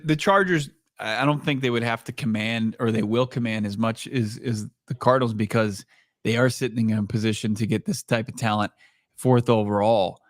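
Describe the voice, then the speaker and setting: A man's voice: mid-range voice, no echo, studio quality. A man co-hosting a casual sports podcast, joking and teasing his partner, laughing often. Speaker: podcast co-host.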